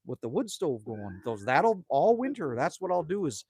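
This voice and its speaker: A man's voice: a little high, very animated, normal speed, gravelly, a little mellow, slightly rough, no room sound. A man, hosting a casual outdoor livestream and rambling in a friendly way while reading viewer comments. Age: 50s. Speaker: livestream host. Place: outdoors at a country cabin at sunset.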